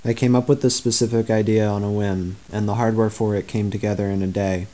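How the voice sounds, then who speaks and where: A teenage high school student narrating his own project presentation in a flat, measured monotone. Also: low-quality recording. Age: teens. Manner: measured, explanatory.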